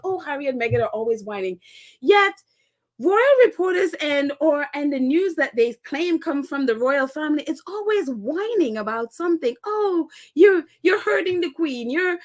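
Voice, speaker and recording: A woman's voice: high voice, fairly bright tone. A woman hosting a casual live-stream podcast, chatting and reading viewer comments, laughing often. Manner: giggly, laughs often, chatty with many fillers.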